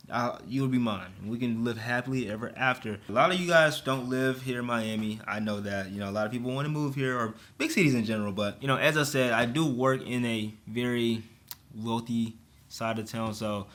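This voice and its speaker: Animated young man ranting. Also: mid-range voice. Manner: animated, profane, slangy. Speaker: vlogger. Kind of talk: casual storytime rant.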